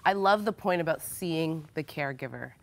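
Woman host with a lowish voice. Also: lively intonation, normal speed, gravelly. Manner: attentive, frequent murmured affirmations. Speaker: talk show host. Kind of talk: Christian TV interview.

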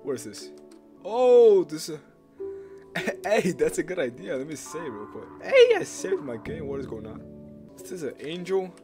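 A man's voice: a little high, moderate pace, over music. A young man playing a horror game and commenting live, swearing a lot, yelping at scares and repeating himself. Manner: swearing, jumpy, yelps and screams at scares; loud, excitable, repeats himself. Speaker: gaming YouTuber.

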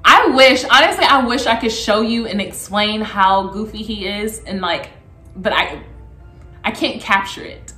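A woman's voice: a little slow, echoey room, soft background music. A woman, a vlogger chatting casually and telling a story with lots of laughter. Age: 30s. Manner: animated, laughing, acts out quotes in a high excited voice.

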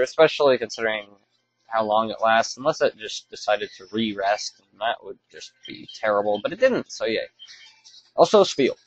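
A man with a fairly low voice offers casual, offhand commentary over his own gameplay as a let's play commentator, rambling and often stopping to correct himself. The recording has its highs cut off.

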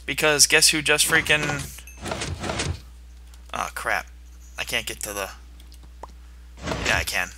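A man's voice: on the low side, sing-song, drawn-out words, gravelly, pauses often, very noisy. A young man giving playful gameplay commentary and taunting the monsters on screen. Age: young adult. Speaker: gaming video host.

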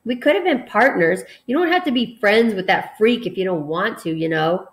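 A woman's voice: medium pitch, lively intonation, moderate pace, lightly acted. A woman reading aloud, voicing a smirking schoolboy bully with a taunting, mock-innocent manner. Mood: scornful.

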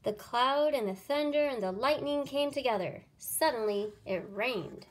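A woman reading a children's picture book aloud, with an expressive sing-song delivery. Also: sits high, a little slow. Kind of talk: storybook read-aloud.

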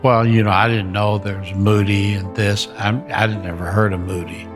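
A man's voice: lowish voice, normal speed. Older man telling stories, faint music. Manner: animated storyteller, repeats phrases for emphasis. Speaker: interviewed ministry founder. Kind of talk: storytelling interview.

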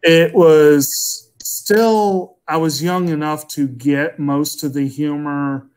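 A man in his thirties co-hosting a casual movie podcast, relaxed and agreeable, thinking aloud. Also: a little high, takes it slowly. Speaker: podcast co-host.

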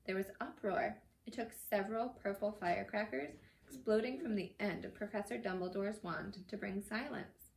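A woman's voice: medium pitch, normal speed, creaky. Woman reading aloud, casual storytelling, self-corrections, echoey room, faint hiss. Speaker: reader.

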